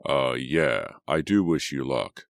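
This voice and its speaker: A man's voice: extremely low pitch, animated, takes it slowly, creaky, no room sound, studio quality, full character voice. A man playing a teenage boy on the phone who teases and then hesitates. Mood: hesitant. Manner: hesitant, teasing.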